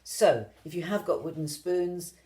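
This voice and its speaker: A woman's voice: on the low side, unhurried. A woman music teacher giving an online rhythm lesson, explaining patiently step by step to viewers at home. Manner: gentle, patient step-by-step instruction.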